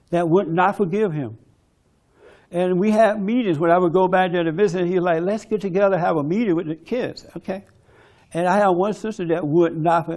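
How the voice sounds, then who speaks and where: Gravelly high-voiced man preaching. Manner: preachy, forceful, mimics others in quoted bits. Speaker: speaker at a men's conference. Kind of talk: conference talk and testimony.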